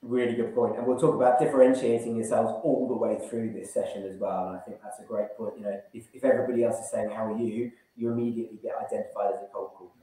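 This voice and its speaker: A man's voice: fairly low pitch, flat delivery, fast talker, hardly any pauses, dark tone, distant mic. A man running an online sales training session, coaching and acting out phone call openers. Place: room, online event. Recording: very echoey room.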